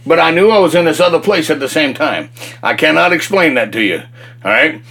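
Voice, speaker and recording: Older guy spinning a folksy faith story, gravelly and kinda bright, slightly high voice. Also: fairly quick. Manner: folksy, colloquial grammar, animated storyteller. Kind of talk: casual faith testimony storytelling.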